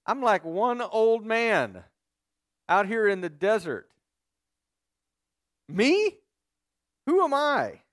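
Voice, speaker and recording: A man's voice: high voice, sing-song, moderate pace, pitched above the performer's own voice. A male preacher voicing Moses as an incredulous old shepherd who protests and doubts, in a sermon retelling. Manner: disbelieving, protesting, rising exclamations.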